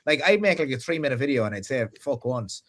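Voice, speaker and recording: A man chatting casually as a podcast guest, talking in a lively, loose way. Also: mid-range voice, fast talker. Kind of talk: casual chat.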